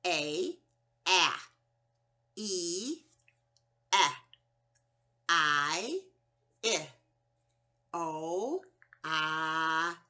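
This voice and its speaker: A woman teaching a children's phonics lesson, sounding out vowels slowly and with exaggeration. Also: fairly low pitch, sharp tone.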